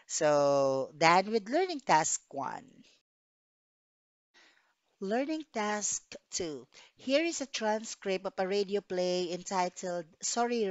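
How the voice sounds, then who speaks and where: A woman's voice: lowish voice, no room sound. A woman English teacher giving a recorded lesson, explaining tasks step by step and checking in with "okay". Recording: dull dry recording.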